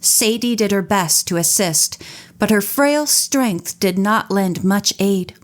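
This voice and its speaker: A woman reading an audiobook in a measured, careful style. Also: mid-range voice. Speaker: audiobook narrator. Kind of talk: audiobook narration.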